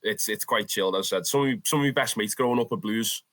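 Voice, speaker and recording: A young Scouse man is spinning a story in a relaxed interview. His voice is bright and forward, and his telling is lively and full of swearing. He keeps calling the listener "lad". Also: lowish voice, fast. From Liverpool, England. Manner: animated, swears freely, calls the listener "lad". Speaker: interview guest, football fan.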